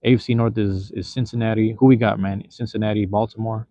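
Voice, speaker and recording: A low-voiced man from Seattle chatting on a livestream, loose and slangy, cursing casually as he answers his viewers. The sound is dry and a little dull, like a cheap desk mic. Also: level tone, fast talker, mellow, no echo. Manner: loose, slangy, drops profanity, addresses chat. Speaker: livestream host.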